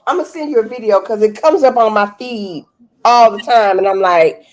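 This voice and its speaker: A woman's voice: fairly high pitch, moderate pace. A woman from Memphis with a Southern accent, co-hosting a podcast, telling stories and ranting in casual chat. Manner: animated storytelling, ranting. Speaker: podcast co-host.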